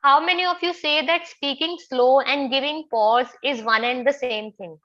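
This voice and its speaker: A woman with an Indian English accent leads an online public speaking class. Her voice is high and bright, and she keeps asking questions and repeating her points. The sound comes through as a slightly dull, lo-fi video call. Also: moderate pace.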